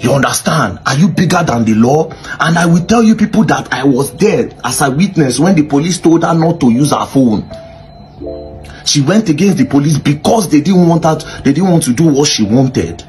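A Nigerian man excitedly recounting events, mixing in Pidgin and acting out what others said. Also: on the high side, moderate pace, faint music behind. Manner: excitable, mimics others' voices. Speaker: social media commentator recounting events. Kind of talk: animated storytelling in Pidgin-mixed English.

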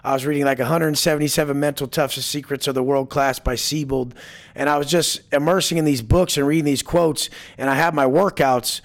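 A man's voice: a little high, fairly even intonation, brisk. A man as an interview guest, telling stories bluntly with heavy swearing and acting out quoted lines. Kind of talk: casual storytelling interview.

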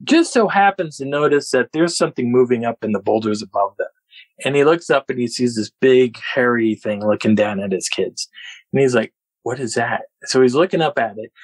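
Man, husky voice, middle pitch, animated storyteller, laughs often. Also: fairly quick, no room sound, low-quality recording. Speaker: podcast guest. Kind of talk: storytelling an encounter.

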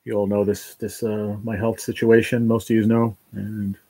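A man talking to his livestream viewers, halting and emotional, choked up with tears of joy. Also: on the low side, little pitch movement, warm tone, slight background noise, rough recording. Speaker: livestream host.

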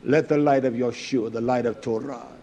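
An older man preaching a sermon, swinging between loud, emphatic declarations and low, muttered asides, with blunt phrasing and rhetorical questions. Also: steady tone, moderate pace.

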